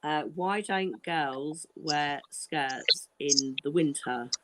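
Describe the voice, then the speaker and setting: A woman's voice: sits low, extremely slow, pushed and bright. A woman chatting casually on a livestream, filling time with bad jokes, giggly and sweary with lots of fillers. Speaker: stand-in co-host.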